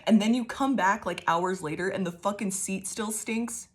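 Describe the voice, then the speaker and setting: A woman's voice: medium pitch, normal speed. A woman giving a casual tarot reading to her viewers, rambling, swearing often, laughing, and showering them with affirmations. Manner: affirming, calls listeners babies. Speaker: tarot reader.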